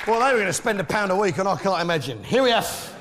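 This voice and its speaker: A man's voice: high-pitched, very animated, fast talker, background noise. A man with a British accent doing a blustering stand-up comedy routine, joking with the crowd. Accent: British English. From Britain. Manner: brash, blustering, jokes with the crowd.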